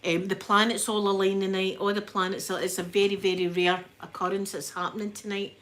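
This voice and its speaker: A woman with a Glaswegian accent chatting to live viewers in an animated way, a little breathless as she recovers from illness. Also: medium pitch, brisk. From Scotland. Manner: chatty, animated storyteller, reads out chat names. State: a bit breathless after illness. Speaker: livestream host. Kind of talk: casual chat with live viewers.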